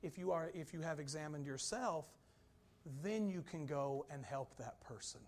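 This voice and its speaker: A man preaching a sermon, swinging between loud, urgent emphasis and quiet, low asides. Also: expressive, normal speed.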